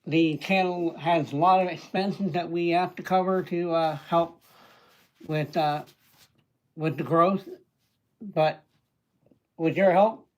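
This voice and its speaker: A man hosting a casual livestream, chatting and greeting viewers by name, with hesitant fillers and frequent throat-clearing. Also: on the high side, fairly even intonation, takes it slowly, long pauses, poor audio. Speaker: livestream host.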